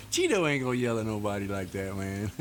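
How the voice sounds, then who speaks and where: A man's voice: on the low side, slight background noise. A man chatting casually with viewers while streaming a truck driving game, laid-back and laughing often. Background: faint music.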